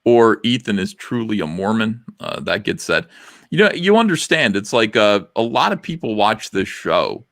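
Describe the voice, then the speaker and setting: Man, low voice, very animated, crude self-mocking rambling, dry close sound. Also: moderate pace, dry recording. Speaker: podcast host. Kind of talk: casual livestream chat.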